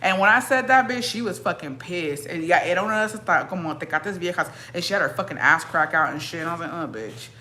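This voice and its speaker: A woman's voice: on the low side, fast talker, few pauses, pushed and bright. A young woman with a Mexican-American accent, switching into Spanish, chatting bluntly and profanely with her viewers. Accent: Mexican-American English with Spanish code-switching. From Mexican-American family. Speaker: streamer. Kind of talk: casual chat reacting to viewers.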